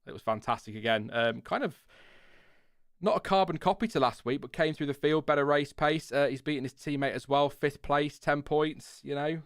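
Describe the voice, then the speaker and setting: A young man chatting through a live stream, reading viewer comments aloud with easy asides. His voice is smooth and clear. The sound is close and dry. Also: a little high, moderate pace, no room sound. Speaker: podcast co-host. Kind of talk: casual live-stream chat.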